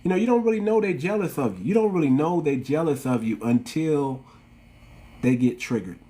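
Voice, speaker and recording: A man's voice: fairly high pitch, animated, a little fast, dark tone. A man with an African American English accent hosting a livestream, ranting to his viewers in a preachy, repetitive way and calling them family. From United States. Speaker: channel host.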